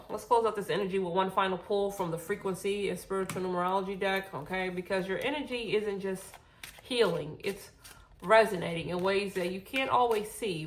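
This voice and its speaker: A woman's voice: medium pitch, a little hiss or hum. Woman reading tarot cards, a bit out of breath, keeps saying okay, fixes her words. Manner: reassuring, repeats okay, self-corrects often. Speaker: tarot reader. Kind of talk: casual spiritual reading to camera.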